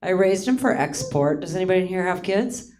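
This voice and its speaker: A woman's voice: lowish voice, animated, fairly quick, a little mellow, a little hiss or hum. A woman in her late fifties from Hawaii, performing a self-mocking stand-up comedy set on a theater stage, often laughing at her own lines. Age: 50s.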